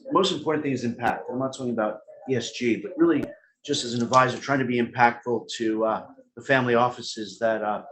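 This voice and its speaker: A man's voice: mid-range voice, a bit bright, a little hiss or hum, rough recording. A man with a thick Brooklyn New York accent talks on a panel over a video call. His delivery is loose and jokey, with lots of uh and um between thoughts. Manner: rambling, jokey, many fillers. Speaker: family office advisor, panelist. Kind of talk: panel discussion.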